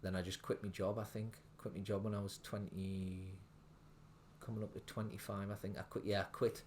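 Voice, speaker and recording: Low-ish voiced guy in his thirties, chatty, rambling guest. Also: flat delivery, a little fast, darkish tone, slight background noise. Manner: rambling, full of fillers like "like". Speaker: guest, restaurant owner. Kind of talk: casual podcast interview.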